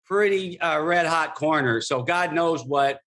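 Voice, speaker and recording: Wry laid-back man, fairly high voice. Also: unhurried, fairly bright tone. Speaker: guest. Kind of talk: casual interview chat.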